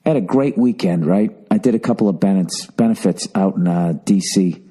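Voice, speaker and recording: A man hosting a podcast from home, rambling in a sardonic, profane monologue at a hushed level. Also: low voice, fairly quick, breathy edge. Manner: profane, sardonic, talking quietly. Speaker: podcast host. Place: at home, indoors.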